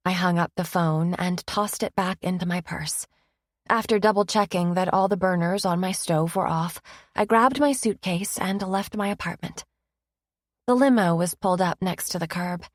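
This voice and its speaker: A woman narrating a romance audiobook in first person, with a wry, expressive manner, close to the mic. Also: fairly low pitch, moderate pace, no room sound.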